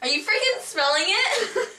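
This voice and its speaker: A woman's voice: very high voice, animated, a little slow. A teenage girl chatting casually while filming a home video, giggling constantly. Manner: giggly, keeps bursting into laughter. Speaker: amateur video maker. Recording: echoey, distant, noisy home video.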